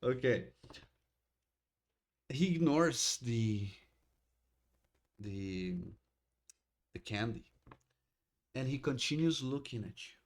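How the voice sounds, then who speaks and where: A man running a tabletop game as game master, narrating in a halting way with frequent restarts. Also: mid-range voice, animated.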